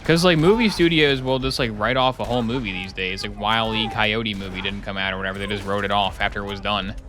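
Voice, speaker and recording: A man's voice: fairly low pitch, fairly even intonation, fast talker. A young man streaming a game, rambling and joking in casual commentary with sarcastic asides. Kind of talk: casual commentary while gaming.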